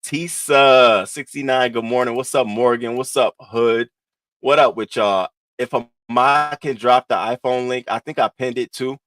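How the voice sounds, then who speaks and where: A man chats on a morning livestream, calling out viewers by name. His voice sits at a middling pitch but swoops upward with excitement. The sound is dry and close, with no room around it. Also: measured pace, dry recording. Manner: animated, playful, swoops up high when greeting people. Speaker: livestream host. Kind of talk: casual livestream chat greeting viewers.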